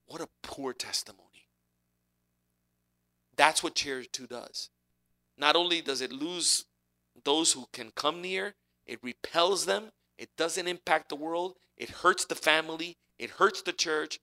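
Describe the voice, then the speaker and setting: A man preaching a sermon in a lively, conversational way, using chairs as props to make his point. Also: a little high, unhurried. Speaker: pastor.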